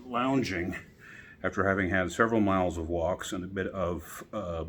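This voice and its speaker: A man reading a bedtime story aloud outdoors, relaxed and chatty between passages. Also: low-pitched, normal speed, slight background noise. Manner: relaxed, chatty asides with fillers.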